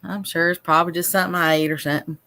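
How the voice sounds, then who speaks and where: A bright-toned woman from Texas chats in a friendly, easy way. She sounds a little tired and queasy. Her voice is clear and forward. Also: fairly low pitch, fairly even intonation, very fast, no room sound. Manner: chatty and friendly. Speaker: caller. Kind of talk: casual chat.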